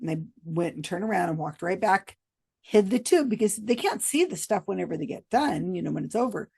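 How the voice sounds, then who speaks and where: A woman's voice: medium pitch, expressive, brisk, creaky, a little mellow, husky, dry recording. An American woman hosting, telling a story to camera in a chatty, rambling way and laughing often.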